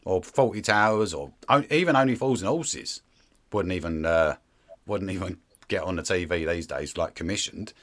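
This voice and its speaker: A man's voice: deep voice, normal speed, fairly bright tone. A man hosting a casual interview, chatty and rambling, often dropping to a mutter. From Britain. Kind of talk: casual conversation.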